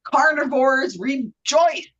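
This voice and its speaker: A woman's voice: high-pitched, slow, a bit bright, lo-fi sound, voice pushed up. A woman voicing a cheerful drive-through worker who reads out the menu in a sing-song way and trips over some words. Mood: perky, upselling. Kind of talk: acted drive-through order for a trivia game.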